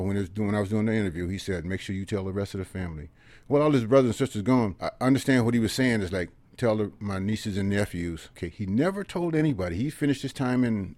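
A man in his seventies, a military veteran, telling personal stories earnestly in an interview, often dropping to quiet asides. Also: fairly low pitch, no room sound. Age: 70s. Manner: earnest, repeatedly drops into quiet asides and tags "okay?".

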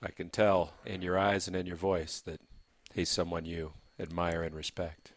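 A man interviewing in an oral history, gently prompting with follow-up questions. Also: deep voice, level tone, normal speed, no room sound.

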